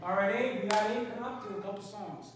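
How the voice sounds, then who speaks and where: A man's voice: sits high, a little fast. A man speaking as a pastor, giving casual announcements and a short sermon, chatty and rambling with lots of fillers. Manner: conversational, rambling with many fillers. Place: church sanctuary. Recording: echoey sanctuary from a distance, faint noise.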